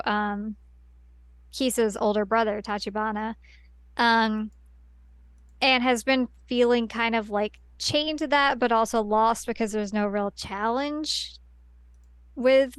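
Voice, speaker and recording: A woman's voice: fairly high pitch, clean tone, dry recording. A woman on a podcast, casually recapping a story at length with lots of fillers and restarts. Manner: rambling plot recap with many fillers. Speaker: podcast co-host. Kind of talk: casual chat.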